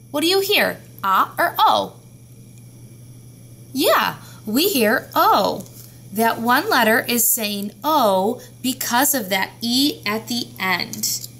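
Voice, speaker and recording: A woman's voice: a little high, fairly bright tone. A woman teaching a children's phonics lesson, patiently sounding out each letter and word. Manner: slow, patient, sounding out words.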